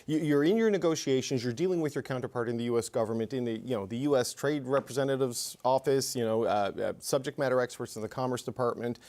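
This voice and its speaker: A man's voice: mid-range voice, fast talker, few pauses, a little mellow. A man, a TV political host, giving live news analysis in a thoughtful way, with frequent restarts and fillers.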